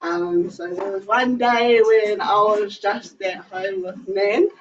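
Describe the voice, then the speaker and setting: Nz speaker, halting tribute with lots of ums, far from mic, muffled. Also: medium pitch, fairly even intonation. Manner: hesitant, many fillers. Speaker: family member giving a tribute. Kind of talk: informal memorial speech. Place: indoor family gathering. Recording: distant, muffled, faint hiss.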